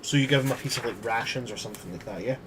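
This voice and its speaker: A man narrating a tabletop game as game master in a relaxed, casual way. The recording is noisy. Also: medium pitch, very fast.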